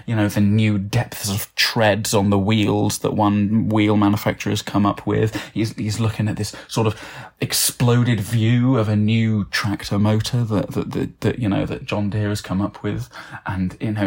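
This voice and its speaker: A man's voice: fairly low pitch, gravelly, darkish tone, slightly rough. A man improvising a comic story, rambling with lots of fillers and restarts.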